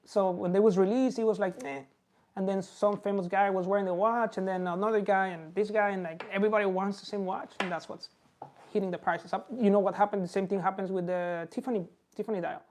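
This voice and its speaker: A woman with a Spanish accent, a native Spanish speaker, hosting a watch podcast and talking in a relaxed, rambling way, calling the listener bro. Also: medium pitch, quick pace. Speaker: watch dealer and podcast host. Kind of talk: casual podcast chat.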